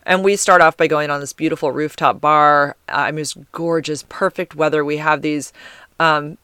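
A woman hosting a podcast, telling a personal story in a chatty, animated way with lots of filler words. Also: low voice, moderate pace, clear, resonant tone, no room sound, clean studio sound. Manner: chatty, heavy use of "like" fillers. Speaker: podcast host. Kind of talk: casual storytelling monologue.

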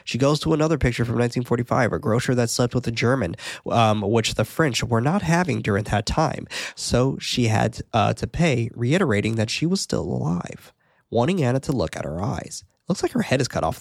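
A man chatting on a podcast in a relaxed, loose way, walking through a film's plot with frequent laughs and the odd curse. His voice sits at an everyday middle pitch. The sound is close and dry. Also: gravelly, no room sound. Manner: recaps plot loosely, swears, laughs often. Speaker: podcast co-host. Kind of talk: casual film recap chat.

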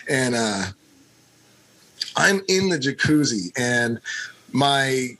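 A man co-hosting a podcast, telling a story in a casual, animated way, swearing freely and acting out the scenes. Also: mid-range voice, slow. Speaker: podcast co-host.

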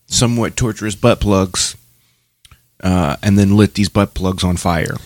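A man co-hosting a casual podcast, cracking wisecracks in a dry deadpan. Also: low-pitched, a little slow, no echo. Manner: wisecracking, lively deadpan jokes. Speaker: podcast co-host. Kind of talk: casual chat.

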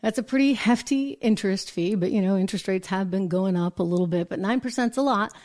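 A woman hosting a news commentary show, talking brisk and emphatic with sarcastic asides. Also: medium pitch, a little mellow. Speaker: show host and business reporter. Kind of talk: opinionated political news commentary.

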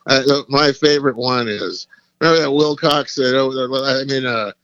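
A man's voice: mid-range voice, moderate pace, fairly bright tone, clean tone, no room sound, highs cut off. A middle-aged man hosting a casual chat, telling stories in a laid-back, profane way. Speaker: host.

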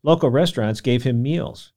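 A man hosting a podcast, telling a history story in scripted documentary narration with an expressive delivery. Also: mid-range voice, normal speed. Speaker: podcast host.

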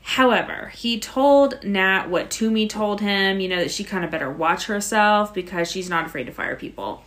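A podcast co-host, a woman with a mid-range, fairly bright voice, recaps an episode casually at a normal speed. She's chatty as she narrates events, sprinkling in "like" and "so" constantly.

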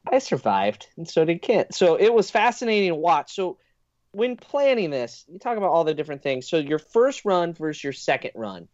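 A man's voice: a little high, darkish tone, dull audio. A man hosting a casual podcast, joking around and asking his guest questions. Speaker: podcast host.

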